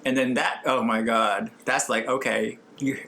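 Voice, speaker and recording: A man's voice: mid-range voice, level tone, unhurried, gravelly, pushed and bright. A man from Texas with a Texan accent, co-hosting a podcast in a giggly, campy, rambling casual chat. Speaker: podcast co-host.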